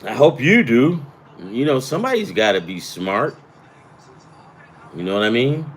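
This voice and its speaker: A man's voice: medium pitch, very animated, unhurried, breathy edge. A man hosting a casual sports betting chat, rambling and profane, with self-deprecating asides. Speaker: sports betting picks host.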